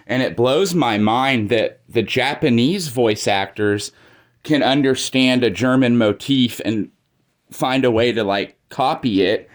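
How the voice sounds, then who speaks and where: A man giving casual, opinionated commentary in a video, talking in a chatty way full of "like" fillers. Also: medium pitch.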